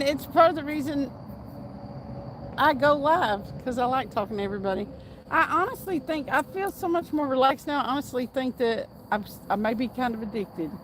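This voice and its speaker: A woman's voice: sits high, slight background noise, poor audio. A woman hosting a casual fishing livestream outdoors at night, chatting and reading viewer comments aloud with frequent laughs. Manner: chatty, reads chat aloud, laughs often.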